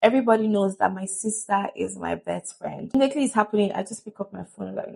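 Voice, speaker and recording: A woman's voice: mid-range voice, fast, creaky, warm tone, husky. A woman giving a chatty, earnest motivational talk to camera, laughing often. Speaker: vlogger.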